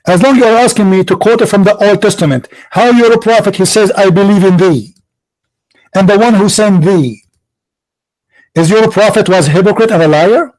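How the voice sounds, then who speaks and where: A man's voice: high-pitched, normal speed, a little mellow, low-quality recording. A man hosting a heated religious debate, taunting with repeated rhetorical questions. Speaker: debate show host.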